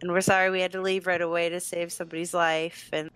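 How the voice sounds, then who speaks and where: A woman's voice: on the low side, level tone, quick pace, fairly bright tone, smooth. A woman playing a tabletop game, talking in character in a rambling, flustered way. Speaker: player.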